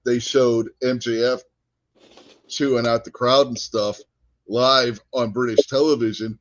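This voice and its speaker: A man co-hosting a casual wrestling chat show, telling stories in an animated way and laughing often. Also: medium pitch, unhurried, no echo. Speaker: podcast co-host. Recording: dull lo-fi podcast audio.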